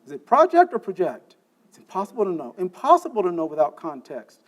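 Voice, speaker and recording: With big pitch swings and a fast delivery, this high-voiced man lectures on a technical subject in a conference session room. He builds each point step by step, tests the audience, and often says "okay?".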